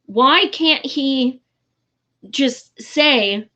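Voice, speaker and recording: A woman's voice: fairly high pitch, takes it slowly, fairly bright tone. A woman giving casual, frustrated political commentary in a vlog, blunt and swearing freely, with many fillers.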